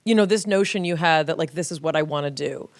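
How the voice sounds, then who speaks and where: A woman hosts a conversational interview with a fairly low voice. She listens closely and offers soft acknowledgements between her questions. The recording is dry and close. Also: quick pace, no echo. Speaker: podcast host.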